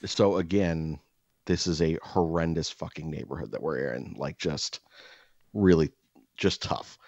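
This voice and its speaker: A man with a low voice tells a long story in casual chat. He rambles with lots of fillers and restarts and swears freely. The audio is dull and lo-fi, with no room sound. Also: measured pace, a little mellow, no echo. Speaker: podcast co-host. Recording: dull lo-fi, dry.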